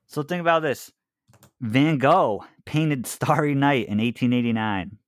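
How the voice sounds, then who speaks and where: A man's voice: mid-range voice, unhurried, dry recording, clean studio sound. A man co-hosting a casual podcast, sharing trivia and teasing his friends. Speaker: podcast co-host. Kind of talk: casual chat.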